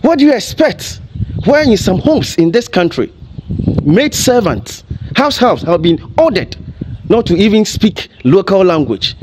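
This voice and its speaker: A man's voice: high-pitched, sing-song, a little slow, darkish tone, slight background noise. A man with a Ghanaian accent giving impassioned commentary on TV, emotional and firing off rhetorical questions.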